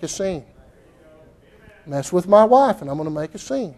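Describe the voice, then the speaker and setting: A man's voice: sits high, animated, normal speed, long pauses, darkish tone. A middle-aged man preaching a sermon in a church, folksy and repetitive, rising to fervent outbursts.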